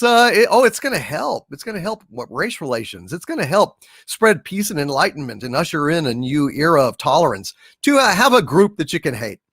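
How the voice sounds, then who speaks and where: Middle-aged male streamer, sarcastic and furious, lively swooping delivery, a bit high-pitched. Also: no room sound, clean studio sound. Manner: angry, sarcastic, swears often. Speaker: livestream host reading super chats. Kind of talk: ranting livestream chat.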